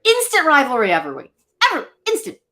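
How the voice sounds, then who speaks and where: A high-voiced woman speaks at a quick pace, co-hosting a live chat stream. She's chatty and animated, talking casually and directly to viewers and her fellow co-hosts like a podcast co-host.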